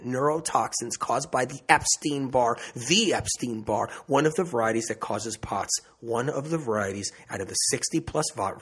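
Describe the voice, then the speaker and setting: Husky man, emphatic and repetitive. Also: medium pitch, a bit bright. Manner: repetitive, emphatic, restarts often. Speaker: health speaker. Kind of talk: impassioned monologue.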